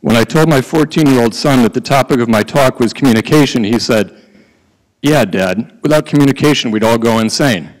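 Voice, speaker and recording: A middle-aged man speaking to a conference audience from notes. His voice sits at an ordinary pitch and carries a long reverb from the hall. At times he slips into quick, rhythmic auctioneer-style patter. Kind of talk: prepared conference talk.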